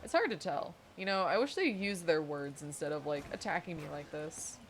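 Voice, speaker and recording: A woman's voice: deep voice, animated, normal speed, a little hiss or hum. A woman streamer chatting casually while playing a game, telling stories in a chatty, giggly way. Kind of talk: casual chat while gaming.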